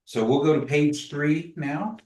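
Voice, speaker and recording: A man's voice: on the high side, unhurried, darkish tone. A man teaching a language class in a casual way, patiently modeling pronunciation and telling stories. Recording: echoey room, voice from a distance.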